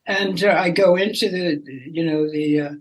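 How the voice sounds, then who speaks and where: An older man, a guest telling lively stories in a casual chat and laughing as he goes. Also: sits high, normal speed, rough recording. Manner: animated, laughing storyteller who slips into character voices. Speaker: guest, rock singer and actor.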